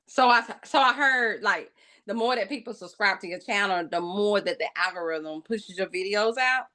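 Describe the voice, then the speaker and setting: Her voice medium-pitched, pushed and bright, a woman hosts a craft video at a moderate pace. She talks to viewers colloquially in casual vlog style, calling them "y'all" and playfully teasing them with mock drama.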